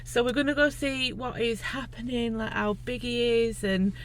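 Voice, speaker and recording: A woman's voice: on the high side, normal speed. A chatty woman, vlogging on her phone while heavily pregnant. She laughs a lot and talks in a teary, candid way. Faint car and traffic noise sits behind her voice. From England. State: heavily pregnant, out of breath at times. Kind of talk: casual vlog to camera. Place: in and around a car at a hospital.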